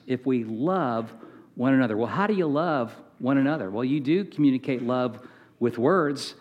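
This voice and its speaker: A man's voice: mid-range voice, animated, normal speed, muffled recording. A middle-aged man preaching a sermon as a guest speaker, talking in a conversational way, often repeating words and polling the audience.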